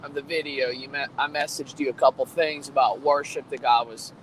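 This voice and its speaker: A man's voice: mid-range voice, steady tone, a little fast, slight background noise, low-quality recording. A man co-hosting a faith livestream over a video call, earnest and hesitant with fillers. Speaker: co-host. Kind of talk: casual faith livestream talk.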